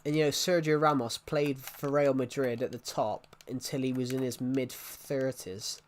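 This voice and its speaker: A man's voice: mid-range voice, little pitch movement, normal speed. Young male streamer, mid-range voice, rambling and opinionated, chatting with his viewers live. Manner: rambling, opinionated, answering chat comments. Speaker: gaming livestreamer.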